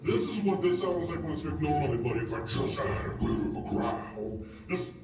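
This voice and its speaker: A man's voice: fairly high pitch, fast talker, a crowd in the background. A man through a voice changer doing a growling orc demon. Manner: strained growl. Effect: voice changer demon filter.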